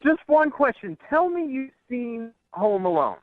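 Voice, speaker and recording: A man calling in to a radio show, talking in an incredulous, excitable, rambling way with many fillers. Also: very high voice, a little slow, dry recording. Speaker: caller. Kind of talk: phone-in radio chat. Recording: dull lo-fi phone line.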